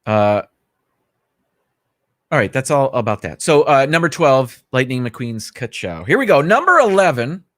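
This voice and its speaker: A man's voice: mid-range voice, big pitch swings, unhurried, fairly bright tone, dry recording. Chatty male livestream host, dry sound. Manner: chatty, rambling, greets viewers by name; easygoing, self-correcting asides. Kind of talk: casual livestream chat. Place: small home studio.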